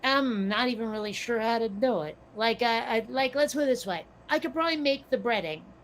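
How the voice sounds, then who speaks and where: A woman chatting casually as a podcast co-host, slightly hoarse from losing her voice, musing and questioning herself as she talks. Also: a little high, brisk, slight background noise. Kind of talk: casual chat.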